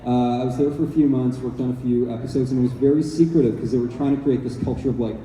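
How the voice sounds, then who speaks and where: A man's voice: mid-range voice, steady tone, quick pace, dark tone, a little hiss or hum. A man from Canada, an actor answering fan questions in a casual, playful and rambling way on a convention stage. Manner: playful, rambling, joking with the crowd. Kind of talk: casual audience Q&A. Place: large convention hall stage. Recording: echoey hall, voice from far off.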